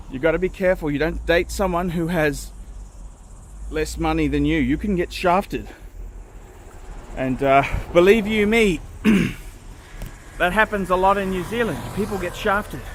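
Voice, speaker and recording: A man vlogging outdoors, talking in a blunt, repetitive, cynical way, with faint traffic noise around him. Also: high-pitched. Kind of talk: casual vlog monologue. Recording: faint street and car noise.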